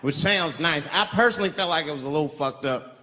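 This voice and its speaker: A man's voice: on the high side, a little fast. A male stand-up comedian telling a profane story in a swaggering way on a large live stage. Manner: profane, swaggering, jumps between loud and quiet. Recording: live stage with long reverb and audience noise.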